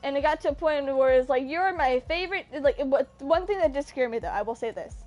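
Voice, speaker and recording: High-voiced young woman telling a rambling story. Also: fast, dark tone, muffled recording, faint music behind. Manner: rambling, self-interrupting, earnest. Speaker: streamer. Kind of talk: casual storytelling on a live stream.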